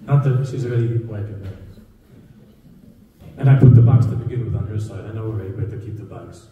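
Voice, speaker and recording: A man's voice: on the low side, a little fast, narrow, tinny audio. Man, rabbi, sermon, conversational storytelling, emphatic repetition, long hall reverb, strong room echo. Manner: conversational storytelling, repeats key phrases for emphasis. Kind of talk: sermon to a live audience. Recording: echoey hall, distant mic.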